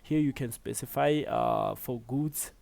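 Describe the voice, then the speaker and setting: A South African man giving a relaxed step-by-step tutorial, with many fillers as he explains. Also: mid-range voice, a little slow, vocal fry. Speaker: tutorial presenter. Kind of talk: screen-recorded tutorial.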